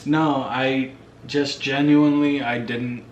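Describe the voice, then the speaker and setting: Young man co-host, mid pitch, echoey room with faint hiss. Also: level tone, takes it slowly, lo-fi sound. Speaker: fiancé co-host. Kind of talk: casual couple Q&A chat.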